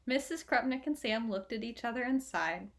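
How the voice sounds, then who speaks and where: A woman's voice: fairly high pitch, expressive, moderate pace. Woman reading a children's storybook. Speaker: audiobook reader. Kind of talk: storybook narration.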